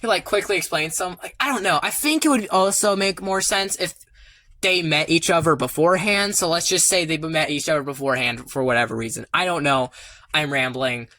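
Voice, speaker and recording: A man talks through his story ideas in a quick, rambling stream, tripping over himself with excitement and swearing freely. His voice is bright and forward. The close mic sounds dry, with no room around it. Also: a little high, dry recording. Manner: rambling, excitable, swears often, shouts when worked up. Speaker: creator rambling about his original characters. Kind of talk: excited casual monologue.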